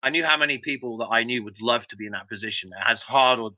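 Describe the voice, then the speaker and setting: A middle-aged man talks quickly and tells rambling, animated stories full of restarts. His voice is bright and forceful. The recording is dull and dry. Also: medium pitch, no echo. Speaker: musician guest. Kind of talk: casual interview storytelling.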